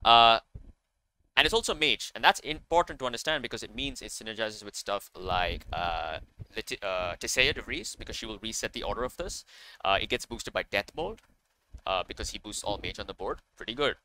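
A man's voice: fairly low pitch, expressive, a little fast, sharp tone, slight background noise. A man commenting casually on a card game, enthusiastic and rambling, with many fillers and self-corrections. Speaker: card game content creator.

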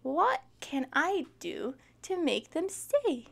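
A woman doing a young boy dragon in a storybook, a lonely show-off who sounds eager and pleading. The voice rides up high and swoops widely, with a slight gravelly edge. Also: big pitch swings, takes it slowly, a bit bright, exaggerated voice. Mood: wondering.

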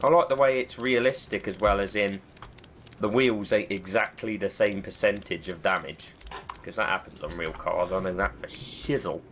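A man's voice: lowish voice, normal speed, a bit bright, a little hiss or hum. A man with a cold, giving chatty, self-mocking let's-play commentary and swearing often. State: has a cold. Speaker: gaming video host.

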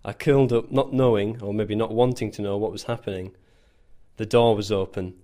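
A man with a fairly low voice reads his own story aloud. His delivery is dry and wry, with a self-mocking edge. It is paced like a scripted narration. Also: steady tone, fairly quick, mellow. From England. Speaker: volunteer soldier. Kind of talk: scripted first-person narration.

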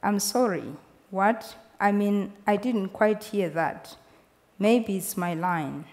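A bored young phone clerk, politely weary and apologetic, as a woman reads her lines. She speaks slowly, and a long hall reverb trails every phrase. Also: mid-range voice, darkish tone. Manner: polite, apologetic customer-service tone.

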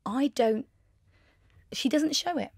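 A woman, a podcast guest telling family stories in an animated, casual way. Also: high-pitched, slow, no echo, clean studio sound. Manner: animated anecdotal storyteller. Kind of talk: casual chat.

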